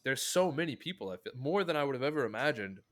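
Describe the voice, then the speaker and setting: A man's voice: mid-range voice, very animated, fast talker, fairly bright tone. A man co-hosting a podcast, musing in a laid-back, reflective way. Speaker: podcast co-host. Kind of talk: casual chat.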